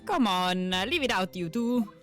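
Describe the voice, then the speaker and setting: A woman voicing a brusque male police inspector, indignant and brisk. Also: mid-range voice, expressive, soft background music, lightly acted.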